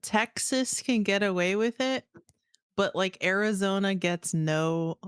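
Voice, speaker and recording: A woman's voice: medium pitch, a little slow, clear, resonant tone, dry recording, studio quality. A woman joking playfully with friends in a casual group voice call. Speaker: book club member.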